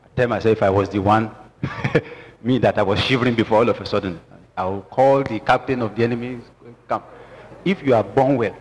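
A man preaches a sermon with emphatic call-and-response to his congregation, speaking fairly quickly in a fairly low pitch. Music plays under a long church reverb.

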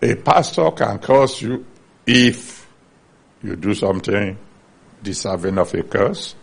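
A man's voice: lowish voice, expressive, takes it slowly, vocal fry, breathy edge. A man preaching a sermon, earnestly teaching from the Bible and citing chapter and verse.

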